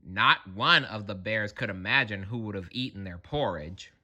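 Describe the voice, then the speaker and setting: A man's voice: on the low side, expressive, moderate pace, pushed and bright. A man narrating a children's read-aloud story, playful and talking straight to the listener. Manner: playful, addresses listener directly.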